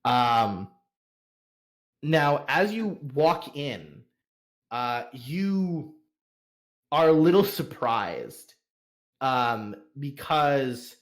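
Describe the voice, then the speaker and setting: A man narrating as game master of a tabletop game, halting and filling his scene descriptions with pauses. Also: medium pitch, very animated. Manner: halting, full of fillers and slowed descriptions.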